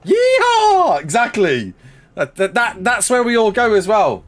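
A man's voice: high-pitched, big pitch swings, moderate pace, fairly bright tone. A man streaming a game live, chatting and joking with viewers, laughing often, on a headset mic. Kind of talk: live gameplay chat.

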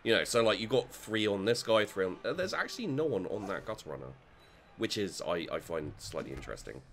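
A man's voice: on the low side, sing-song, brisk, creaky, slight background noise. A man talking through his own game as he plays, thinking aloud and swearing freely. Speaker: gaming channel host. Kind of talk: let's play commentary.

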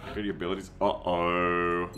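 A man's voice: low voice, flat delivery, normal speed, a bit bright. A man streaming a strategy game, joking and swearing as he reads chat messages aloud and riffs on them. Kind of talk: casual gameplay commentary.

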